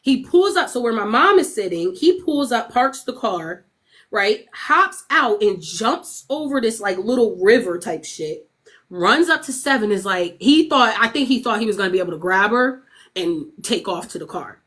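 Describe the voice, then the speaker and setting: Young woman streamer, lively profane storytelling, slightly high pitch, laughs between lines. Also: moderate pace. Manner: animated, profane, laughs often, acts out quoted voices. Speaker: livestreamer. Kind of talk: casual storytelling to a live chat.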